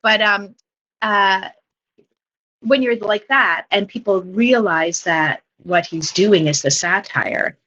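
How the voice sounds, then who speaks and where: Woman, improv comic guest, husky tone, lo-fi sound, animated anecdotes with put-on quotes. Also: medium pitch, takes it slowly. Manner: animated storytelling, jumping into quoted voices. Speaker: guest, improv comedian and theatre teacher. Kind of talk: casual podcast chat.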